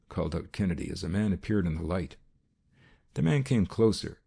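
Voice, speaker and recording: Deep, gravelly male audiobook narrator. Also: animated, fairly quick, warm tone. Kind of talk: first-person audiobook narration.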